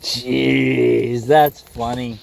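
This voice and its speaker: A man's voice: medium pitch, level tone, very slow, gravelly, a little mellow. A man hosting a fishing livestream from a windy lake, chatting casually and joking with his viewers, laughing often.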